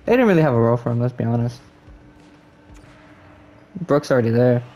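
A man's voice: mid-range voice, lively intonation, a little fast, mellow, a little hiss or hum. A man chatting casually and swearing freely as he plays and reacts to a hockey video game. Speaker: gaming streamer. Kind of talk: casual gameplay commentary.

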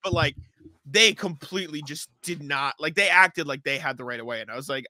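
A man's voice: on the high side, fairly quick, sharp tone, no echo. A man co-hosting a casual sports podcast, telling stories animatedly and acting out his own reactions with laughter. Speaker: podcast co-host. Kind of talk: casual chat.

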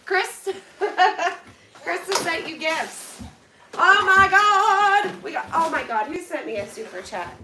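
A woman's voice: high voice, very animated, normal speed, a crowd in the background. A woman vlogger opening donated boxes, chatting to her viewers and thanking them with effusive, emotional gratitude. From Pennsylvania, US. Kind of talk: casual chat to viewers. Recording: echoey room, mic at a distance.

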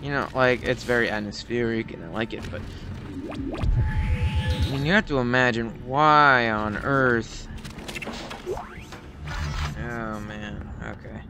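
A man's voice: mid-range voice, slow pace, long pauses. A man giving casual, jokey commentary while playing a horror game and talking to it. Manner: excitable, jokey, talks to the game. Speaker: let's play gamer. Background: game music.

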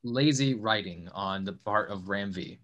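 A man hosting a podcast in casual chat, loud and argumentative, swearing freely and mocking himself. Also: fairly low pitch, a little slow, dull audio. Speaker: podcast host.

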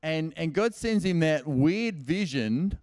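A man's voice: fairly high pitch, expressive, slow, a little mellow, dry recording, clean studio sound. A man preaching as a pastor at a church service, telling the stories in a casual, conversational way and acting out what people say. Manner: casual and storytelling, acting out quoted lines in everyday speech. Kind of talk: conversational sermon.

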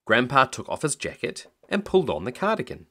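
A man reading a picture book aloud as a bedtime story, in an expressive storytelling manner. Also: mid-range voice, a little fast.

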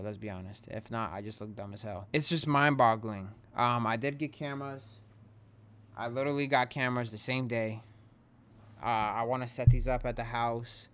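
A man's voice: medium pitch, fairly bright tone, clear, resonant tone. A young man who hosts a gaming channel, talking straight to his viewers in a rambling, shaken but earnest way as he vents. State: rattled. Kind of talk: casual direct-to-camera vent.

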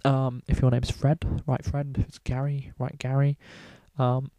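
A man's voice: medium pitch, monotone, measured pace, warm tone, no room sound. A man talking casually through a drawing tutorial, rambling and swearing in almost every sentence. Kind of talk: casual screen-recorded tutorial.

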